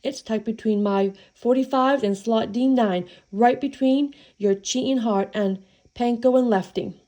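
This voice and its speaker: A woman's voice: a little high, unhurried, dark tone, natural voice. A woman voicing a lonesome, sassy female jukebox in a storybook reading, full of country-song sayings.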